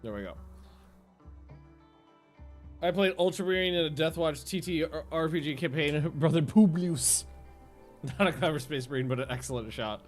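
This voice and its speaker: A male streamer chats loosely from home while playing a game, with rambling, profane and excitable talk. His voice sits a touch high for a man. Faint music plays underneath. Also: normal speed, pauses often. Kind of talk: casual chat while livestreaming a game.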